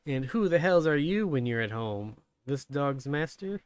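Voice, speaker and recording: A man voicing a greedy, bullying male merchant with a slow, sneering delivery. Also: a little high, animated, clean tone, no echo. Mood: scornful.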